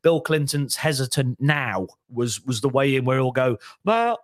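A man's voice: mid-range voice, normal speed, no room sound, studio quality. A man, a comedian and impressionist, chatting on a podcast and slipping into voices as he talks. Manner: lively storyteller, slips into voices mid-sentence. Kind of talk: casual podcast chat.

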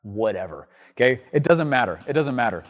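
A man hosting a show and teaching entrepreneurs, telling an energetic, rambling story to the camera with plenty of ums and restarts. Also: medium pitch, fairly quick, in a large hall. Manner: writes on a board while talking.

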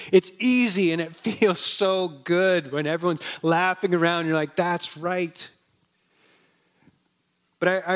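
A pastor in church preaches with a slightly high voice, telling stories in a relaxed, conversational way. When he wants a word to land, he slows down and goes soft.

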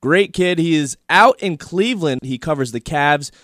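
A man with a somewhat high voice introduces a guest enthusiastically on a podcast. The recording is dry and close. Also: animated, moderate pace, a bit bright, dry recording. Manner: upbeat, profane. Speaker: podcast host. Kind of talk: segment introduction.

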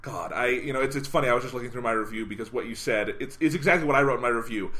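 A man co-hosting a podcast, talking in a measured way about a film and reading from his own review. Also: mid-range voice, bright, forceful tone. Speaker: podcast co-host. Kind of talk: casual review chat.

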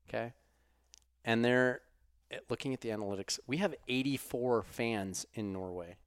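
A podcast host chats casually in a mid-range voice at a moderate pace, swearing freely. He swings from quiet muttered asides to loud outbursts. The sound is dry and close, with no room around it.

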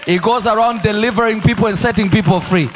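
A man preaching a lively sermon in a church, shouting and acting out voices. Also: sits high, fast, some chatter behind, a little hiss or hum. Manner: animated, shouting and acting out quotes, laughing.

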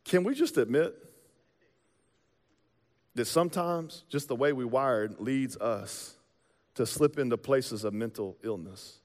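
A man's voice: medium pitch, takes it slowly, long pauses, a little mellow. A man preaching a sermon as pastor, in a conversational, joking way with casual slang. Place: church sanctuary. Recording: long reverb of a large hall.

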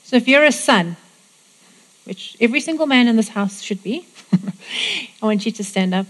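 A woman's voice: on the high side, lively intonation, normal speed. A woman preaching a sermon, praying and declaring blessings over the congregation with emphatic repetition. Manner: warm, declaring and emphatic, repeating phrases.

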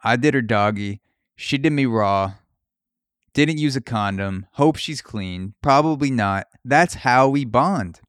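Young male podcast host, crude riffing comic, middle pitch, dry recording. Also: lively intonation, unhurried, fairly bright tone, dry recording. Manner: crude, riffing, shifts into mock voices for bits. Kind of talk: comedic podcast rant.

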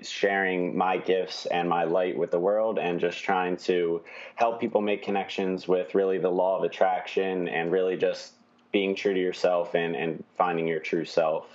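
A man in his twenties, a podcast guest talking about himself in an earnest, steady way. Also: sits low, lo-fi sound. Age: 20s. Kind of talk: casual interview.

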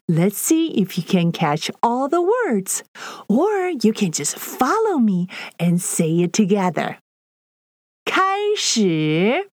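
A woman teaching a children's language lesson, repeating each phrase slowly and clearly in a sing-song way. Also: mid-range voice, huge pitch swings, no room sound, clean studio sound.

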